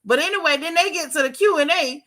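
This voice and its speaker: A woman giving sassy, animated gossip commentary as a YouTube host. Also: high voice, fast.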